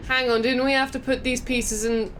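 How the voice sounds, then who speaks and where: A woman's voice: high-pitched, little pitch movement, normal speed, a bit bright, slight background noise. A woman co-hosting a video game playthrough, chatty and giggly, humming to herself as she plays. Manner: chatty, giggly, hums while playing. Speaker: co-host of a gaming channel. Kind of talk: casual let's-play banter.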